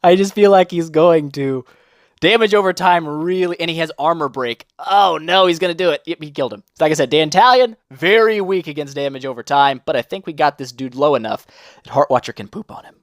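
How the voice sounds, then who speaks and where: A young man casually commenting on a mobile game run, excitable and jokey, reacting aloud to every turn. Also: a little high, fairly quick, no room sound, clean studio sound. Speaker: mobile game video host.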